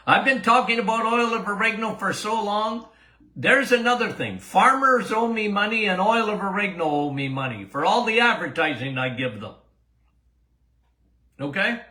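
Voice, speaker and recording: An older man, a doctor hosting a casual listener Q&A podcast, talking in an animated, emphatic way, repeating himself and laughing often. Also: sits high, reverberant. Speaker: doctor and show host.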